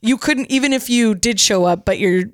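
A woman hosting a podcast in casual chat, eager and quick with reactions and questions. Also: fairly high pitch, no echo, studio quality. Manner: enthusiastic, chimes in with reactions. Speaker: podcast host.

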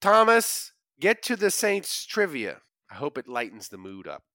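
A man hosting a sports podcast, animated and joking, swinging from loud bursts to mumbles. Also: on the high side, a little slow, dry recording, studio quality. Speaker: podcast host. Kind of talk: casual podcast banter.

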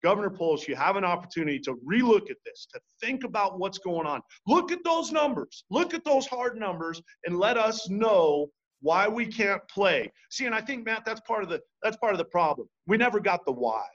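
A man's voice: high voice, animated, brisk, fairly bright tone. A man hosting sports talk, emphatic and passionate, often stumbling over restarts as he builds to heated appeals. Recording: dull lo-fi audio.

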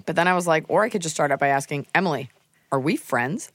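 A woman's voice: low voice, expressive, fast, dry recording. Chatty woman comedian, dry studio mic. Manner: chatty, joking, talks while snacking. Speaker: comedian podcast host. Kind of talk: casual podcast chat. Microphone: studio microphone.

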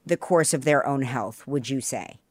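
A woman's voice: extremely low pitch, normal speed, a little mellow. A woman hosting a podcast interview, reacting and encouraging her guest as she asks questions. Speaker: podcast host. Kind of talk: casual interview talk.

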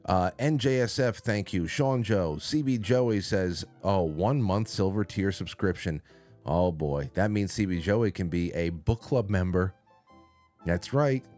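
A man's voice: low voice, a little slow, a little mellow, soft background music. A man hosting a casual call-in stream from a studio, rambling and reading out chat names. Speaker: call-in show host. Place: small studio. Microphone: studio mic.

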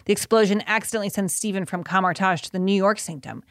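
A woman co-hosting a podcast, chatting through a film recap with loose, giggly energy. Her pitch sits in a middle range for a woman. The sound is dry and close. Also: quick pace, no echo. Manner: giggly, loose and animated, with lots of fillers. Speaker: podcast co-host. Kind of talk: casual chat recapping a film.

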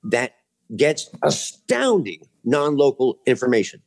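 A man's voice: mid-range voice, sing-song, unhurried, creaky, a little mellow. A man speaking as a podcast guest in casual chat, earnest and rambling, with frequent restarts, in a studio.

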